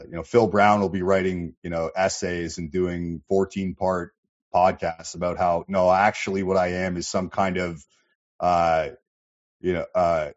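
A man's voice: deep voice, darkish tone, dull audio. A man hosting a casual livestream, reading chat and rambling with lots of swearing and fillers. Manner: rambling, profane, many fillers.

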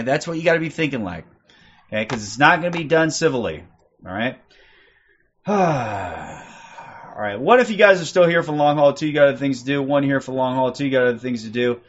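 A man's voice: medium pitch, fairly bright tone, lo-fi sound. Profane, combative man in his forties. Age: 40s. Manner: profane, aggressive, repeats "okay?" constantly. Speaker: livestream host. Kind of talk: ranting livestream commentary.

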